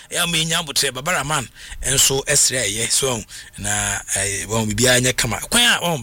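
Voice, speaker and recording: Ghanaian guy hosting sports radio, fillers everywhere, bright tone, dry studio sound. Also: on the high side, no room sound. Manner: hesitant, many fillers and restarts. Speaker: radio sports news host. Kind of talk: radio sports news chat mixing Twi and English.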